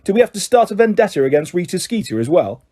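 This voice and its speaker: An exasperated, blunt teenage boy, voiced by a male narrator in an audiobook. The voice is raised and pushy, with a mellow tone. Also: high-pitched, sing-song, quick pace.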